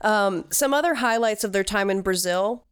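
A woman's voice: mid-range voice, moderate pace, clean tone, dry recording, studio quality. A woman co-hosting a casual podcast, retelling a story with wry sarcasm. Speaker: podcast co-host. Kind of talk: casual chat.

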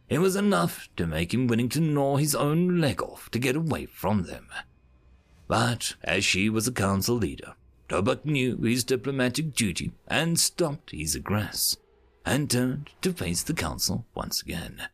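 A man hosting his channel and narrating a sci-fi short story in an expressive audiobook reading. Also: mid-range voice, measured pace.

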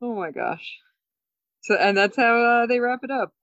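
A woman co-hosting a podcast recaps an episode in casual chat, animated and laughing often as she acts out lines. Her voice is on the high side at normal speed, and the recording sounds dull and dry.

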